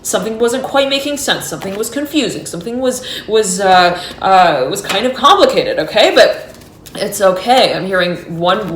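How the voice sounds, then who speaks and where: A woman reads tarot cards aloud with a rambling, start-and-stop delivery, often breaking off to say what she is "hearing." Her voice sits at an ordinary middle pitch. The room gives it a noticeable echo. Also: slight background noise. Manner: halting and meandering, repeats "I'm hearing" between cards. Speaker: tarot reader and astrologer. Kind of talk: intuitive tarot reading. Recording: roomy echo.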